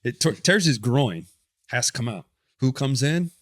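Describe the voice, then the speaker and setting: A man in a casual interview tells a story with lots of energy and plenty of swearing, and he keeps correcting himself in the middle of sentences. His pitch sits mid-range, and the sound is close and dry, with no room around it. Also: normal speed, no echo. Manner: animated, profane, self-correcting storyteller. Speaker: podcast guest, former pitcher.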